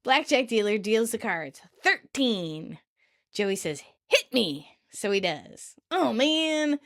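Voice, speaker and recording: A woman's voice: fairly high pitch, sing-song, slow pace, a bit bright. A woman co-hosting a podcast, recapping an episode in casual chat and laughing often. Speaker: podcast co-host.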